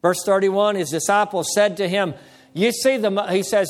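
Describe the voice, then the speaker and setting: High-voiced preaching pastor, man. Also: in a large hall. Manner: preaching with call-and-response, slowing to stress key words. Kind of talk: sermon.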